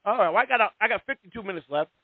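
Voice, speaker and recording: Man, radio call-in host. High and lively voice, profane and rambling, tinny dry line. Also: rapid-fire, no room sound. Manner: profane, rambling and heated, with many restarts. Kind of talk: casual call-in radio talk.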